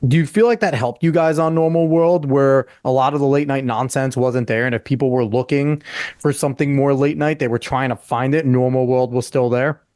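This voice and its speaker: A man's voice: mid-range voice, fairly even intonation, a little fast, a little mellow, dry recording, studio quality. A man hosting a podcast, asking questions in a casual, conversational way and laughing easily. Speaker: podcast host.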